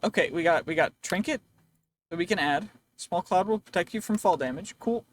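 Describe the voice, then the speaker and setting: A gaming video creator with a high voice delivers loose, rambling commentary a little fast, joking around and chatting with the characters on screen. His voice sounds worn and tired, and a faint hiss is audible behind him.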